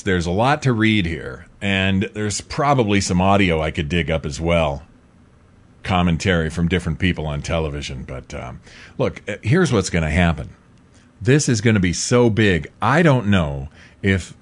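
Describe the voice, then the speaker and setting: Emphatic middle-aged man ranting on air. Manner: emphatic, repetitive, swings between loud outbursts and low asides. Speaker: talk show host. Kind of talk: opinionated commentary monologue.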